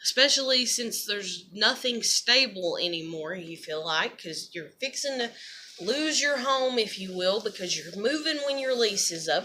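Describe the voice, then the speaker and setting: A woman's voice: on the high side, pushed and bright. A woman, talking through her feelings in a rambling, emotional monologue full of swearing. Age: 30s. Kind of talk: confessional vlog monologue.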